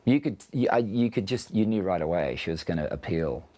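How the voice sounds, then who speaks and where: Deep-voiced Australian man, reflective. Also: lively intonation, a little fast, dark tone. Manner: reflective, explains through extended analogies. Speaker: interviewed musician. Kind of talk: casual interview.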